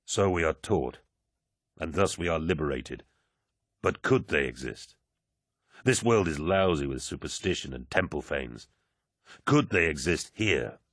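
A man voicing a giant male warrior, speaking gravely and in a measured, low way, as an audiobook character voice. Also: expressive, a bit bright, no echo, clean studio sound, heavily acted.

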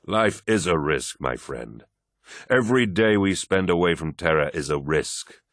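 A man's voice: deep voice, lively intonation, unhurried, a bit bright, dry recording, studio quality. A man voicing a proud, imperious male warlord in an audiobook reading, with stern, lofty speech.

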